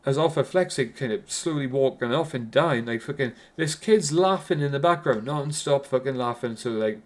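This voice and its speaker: A man's voice: mid-range voice, moderate pace. A man with a Geordie accent giving a casual, rambling film review, swearing constantly and restarting his sentences.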